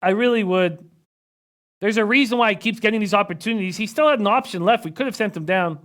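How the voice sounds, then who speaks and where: A man hosting a live sports betting stream, rattling off odds and stats in a quiet, close voice and reading out viewers' chat comments. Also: high-pitched. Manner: rapid stat-heavy rundown, reads out chat comments; speaks quietly, close to the mic.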